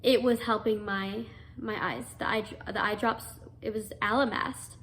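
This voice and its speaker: A young adult woman, a guest, earnestly shares a personal story packed with fillers and restarts. Her mid-range voice is steady, fairly bright, and measured, with a little hiss or hum in the audio.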